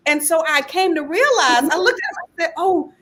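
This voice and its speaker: A woman from Texas with a very high voice tells a story in a lively, chatty way. She is the pastor's wife, talking casually beside him. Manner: storytelling, lively, quick laughs. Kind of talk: casual conversation.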